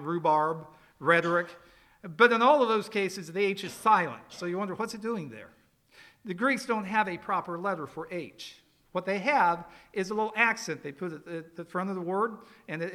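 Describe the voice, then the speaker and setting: A man preaching in a church with a high, bright voice. He talks in a folksy, conversational way and slows down for emphasis. He asks the back rows questions. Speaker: pastor. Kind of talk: expository sermon.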